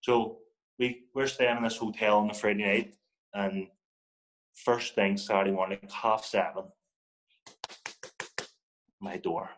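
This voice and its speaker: A man's voice: on the low side, moderate pace, pauses often, slight background noise, low-quality recording. Northern Irish man telling football stories. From Northern Ireland. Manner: animated anecdotes, acting out quoted people. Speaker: podcast guest, former footballer. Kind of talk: casual storytelling.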